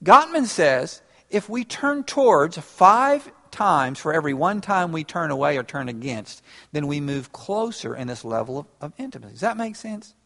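Lively high-voiced pastor. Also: male voice, normal speed, gravelly. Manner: animated, conversational, laughs with the congregation. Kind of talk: interactive sermon. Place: church. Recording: reverberant church hall.

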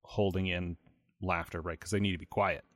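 A man's voice: low-pitched, level tone, moderate pace, no room sound, clean studio sound. A man co-hosting a podcast, chatting casually in an easygoing, storytelling way. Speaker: podcast co-host. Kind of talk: casual chat.

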